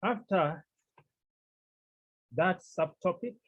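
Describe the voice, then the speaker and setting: Slow husky male teacher. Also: sits high, lo-fi sound. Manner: slow, repeats key terms, explains step by step. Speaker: Greek teacher. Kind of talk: classroom lesson. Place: classroom.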